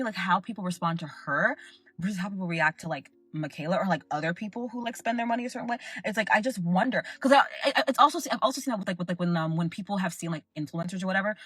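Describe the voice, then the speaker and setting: A young woman with a lowish, husky, fairly bright voice hosts her own show, delivering an emphatic, rambling rant packed with filler words. She's a podcast host and content creator, and the recording is dry with no room sound.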